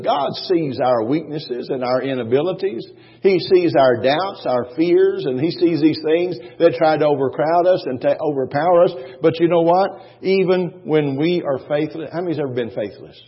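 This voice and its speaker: A husky male pastor delivers an emphatic sermon. He repeats lines for weight and throws rhetorical questions to the congregation. The sound is dull and muffled, with a long church-hall echo trailing each phrase. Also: on the high side, moderate pace.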